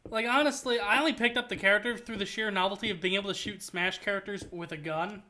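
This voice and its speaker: A male streamer chatting casually while playing, his voice bright and clear. He rambles in a joking way, often restarting his phrases mid-sentence. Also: sits high, fairly even intonation, quick pace, a little hiss or hum. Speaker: streamer host. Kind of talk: casual gaming stream chat.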